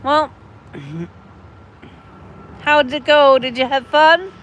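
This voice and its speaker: A woman's voice: high-pitched, sing-song, slow, a little hiss or hum. A middle-aged woman chatting on a casual livestream, answering chat in a chatty, mothering and blunt way, with some cursing. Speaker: livestream host reading chat.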